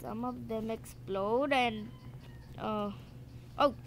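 Slow playful woman gaming host. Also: on the high side, steady tone, noisy background. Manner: playful, repeats lines, sudden yelps. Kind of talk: let's play commentary.

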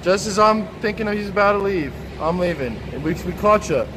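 Loud street and traffic noise surrounds a young man livestreaming on a city street, brashly and crudely teasing strangers. His voice is high, briskly paced, with lively intonation.

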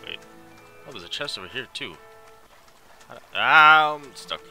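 A man's voice: mid-range voice, lively intonation, a little slow, sharp tone, soft background music. A young Irish man commentating his video game playthrough, joking and mocking himself while reading the dialogue aloud. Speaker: gaming video host. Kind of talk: let's play commentary.

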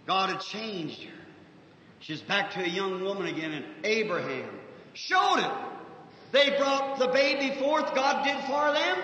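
A man preaching a fervent, folksy revival sermon, shifting from soft asides to shouts, on a 1950s archive recording with faint hiss. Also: very high-pitched, roomy sound, in a large hall, highs cut off.

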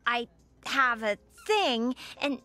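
A woman voicing a sweet, uneasy teenage girl in a cartoon, speaking in a hesitant, halting way. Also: fairly high pitch, animated, sharp tone, exaggerated voice. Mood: awkward. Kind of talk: animated cartoon acting.

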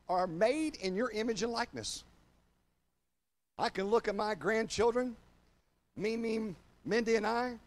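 An older man preaches in a notably high voice, addressing his church and viewers online. He builds to loud, forceful declarations, then drops down low and slows his pace to stress a point. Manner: emphatic preaching, swinging from loud declarations to low, slow confiding. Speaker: pastor. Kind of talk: sermon.

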